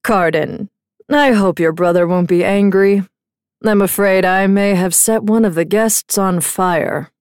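A man's voice: sits high, unhurried, clear, resonant tone, no echo, studio quality. A woman reading the part of a careless, cheerfully cruel young male fae who talks in an airy, offhand way.

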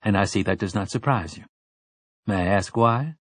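A man voicing a composed young woman who speaks in a measured, formal way. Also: on the low side, a bit bright, husky, no room sound, clean studio sound.

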